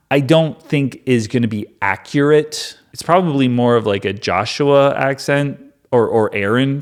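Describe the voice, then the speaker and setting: A man reading the Bible aloud and musing over it in casual commentary, wondering aloud and saying "like" a lot. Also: mid-range voice. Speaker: Bible reader and host.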